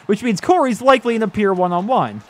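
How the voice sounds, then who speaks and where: A man giving excited, chatty commentary over his own football video game, laughing and talking straight to his viewers. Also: high voice, fast talker. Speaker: gaming YouTuber.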